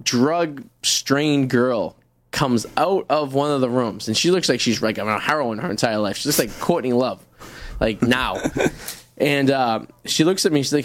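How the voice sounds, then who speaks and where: A man's voice: mid-range voice, lively intonation, no echo. Rambling guy telling road stories. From Revere, Massachusetts. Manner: rambling storyteller, halting restarts. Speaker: co-host. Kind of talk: casual studio radio chat. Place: radio studio.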